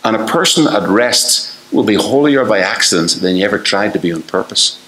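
An older man preaches in a low voice, firing off rhetorical questions and slipping into the voices he quotes. The sound rings around an echoey church hall. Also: lively intonation, a little fast, a bit bright. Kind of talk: sermon.

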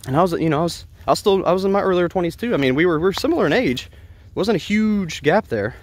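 A man's voice: high voice, expressive, fast. A man telling a personal story in an earnest, rambling way, often restarting his sentences. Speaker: vlogger.

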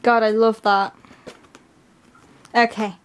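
A woman with a fairly high voice talks through an unboxing in a casual, gushing way. She sounds excited throughout, though her voice is strained and keeps giving out. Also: slow pace. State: voice giving out, coughing. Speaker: K-pop album unboxer.

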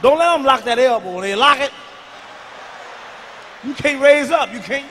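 A man with a very high, bright, forceful voice works a crowd in a profane stand-up routine. He mumbles one moment and shouts the next, and his words ring with a long hall reverb over faint noise. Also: animated, normal speed. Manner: profane, swings from mumbled asides to shouted punchlines. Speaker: stand-up comedian.

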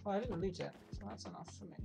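A woman streaming a video game, reacting out loud, talking to herself and swearing often. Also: mid-range voice, very fast, creaky. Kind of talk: live gameplay commentary. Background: game music.

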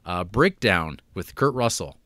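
A man's voice: low voice, animated, measured pace, a bit bright, dry recording, clean studio sound. A man co-hosting a podcast, rambling wryly through a casual film review. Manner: rambling, wry, lots of fillers and mocking. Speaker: podcast co-host.

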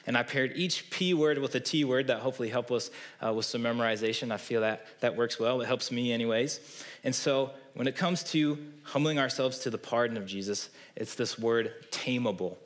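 A man with a Midwestern American accent delivers a sermon from a church pulpit. His voice sits at an ordinary middle pitch, and he talks earnestly and conversationally, tossing in quick "right?" asides to the congregation. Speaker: pastor. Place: church sanctuary.

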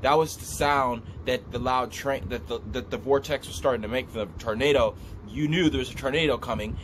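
A man telling a vivid dream story in a casual, animated way, repeating himself as he describes what he saw. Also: mid-range voice, a little hiss or hum. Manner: animated, repetitive, gestures while describing. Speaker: vlogger recounting a dream.

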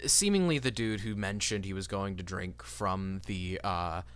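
A man narrating a tabletop game as game master, with lively delivery and frequent fillers. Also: low voice, measured pace, clean tone.

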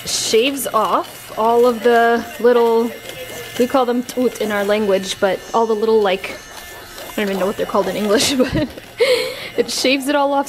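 Giggly Canadian woman in her twenties vlogging. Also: fairly high pitch. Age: 20s. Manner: chatty, giggly, lots of "like" fillers. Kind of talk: casual vlog chat. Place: at home in an apartment.

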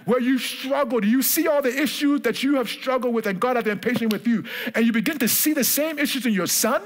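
A man's voice: very high-pitched, a little fast. A male pastor preaching a sermon in church, emphatic and repetitive, calling on the congregation to answer.

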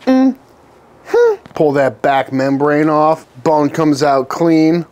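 A man hosting a barbecue cooking tutorial, relaxed and upbeat, often calling the viewers folks. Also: a little high, slow, dull audio, slight background noise. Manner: savors the food aloud while tasting.

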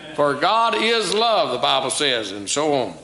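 A male pastor preaches, stopping often to ask his congregation questions. His voice is bright and sits a little high for a man. The sound rings through a reverberant church sanctuary. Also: big pitch swings, moderate pace, vocal fry. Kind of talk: sermon.

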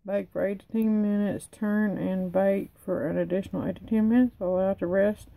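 A woman's voice: medium pitch, steady tone, moderate pace, vocal fry, mellow, no echo, rough recording. A tired woman who is losing her voice, chatting casually in her kitchen and reading cooking instructions aloud. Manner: rambling, chatty, reads package instructions aloud. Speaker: cooking vlogger. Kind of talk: casual cook-along chat. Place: home kitchen.

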